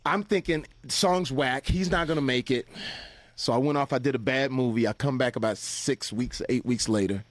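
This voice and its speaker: A man telling stories in a casual, animated way, swearing freely, laughing often and acting out other people's lines. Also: medium pitch, normal speed, dry recording. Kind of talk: casual anecdotal storytelling.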